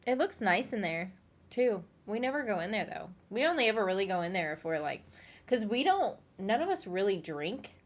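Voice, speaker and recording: Woman, lowish voice, rambling casual livestream chat, home office. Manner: rambling, chatty, reads and answers chat. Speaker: streamer reading chat.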